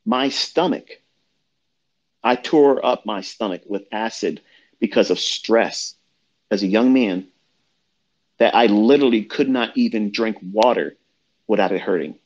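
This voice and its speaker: A man's voice: on the low side, a little slow, pauses often, a little mellow, breathy edge, muffled recording. A man giving a blunt, profane motivational rant as a trading mentor, lecturing his listeners, his voice jumping up when he gets worked up. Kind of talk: profane motivational rant on a live audio chat.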